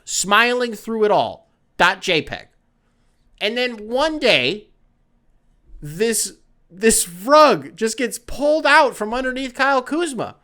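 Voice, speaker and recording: Man, podcast host, casual sports chat, rambling, joking, bright forceful tone. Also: very high-pitched, expressive, slow, pauses often. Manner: rambling, joking, swears freely.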